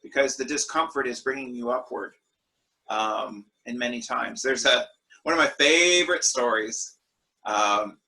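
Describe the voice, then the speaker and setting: A man leading an online worship discussion over a video call, telling stories in a relaxed way with fillers. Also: mid-range voice, poor audio. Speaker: group discussion leader.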